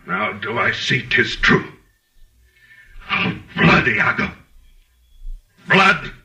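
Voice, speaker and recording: Othello, a raging jealous general. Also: male voice, high-pitched, expressive, drawn-out words, vocal fry, sharp tone, heavily acted. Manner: declamatory, furious outbursts. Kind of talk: 1940s radio acting.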